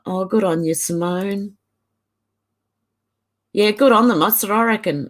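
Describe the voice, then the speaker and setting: A woman's voice: medium pitch, measured pace, long pauses. A woman with an Australian accent hosting a casual livestream, chatting and laughing as she reads viewer comments aloud. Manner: chatty, laughs often, Aussie slang. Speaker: livestream host.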